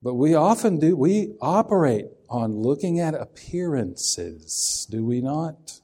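Guy preaching, chatty and folksy, warm mellow voice, keeps asking the folks questions. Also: a little high, very animated, takes it slowly. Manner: folksy, conversational, asks the listeners questions. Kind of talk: sermon.

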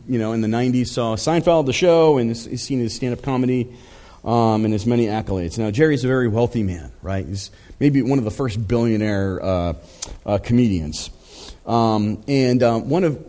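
A man's voice: medium pitch, a little mellow. A male pastor preaching a sermon in a conversational storytelling way, with frequent fillers and asides to the congregation.

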